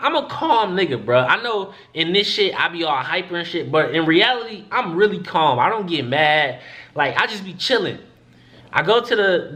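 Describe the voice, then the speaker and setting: Animated young man telling a story. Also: on the high side. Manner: animated, profane, acts out quoted voices. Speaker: vlogger. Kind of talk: casual storytelling to camera.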